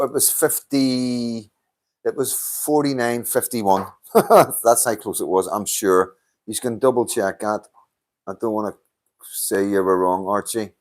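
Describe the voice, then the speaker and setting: A Northern Irish man hosting a casual live stream, blunt and sweary, laughing often as he chats to viewers. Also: fairly low pitch. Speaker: livestream host reading chat.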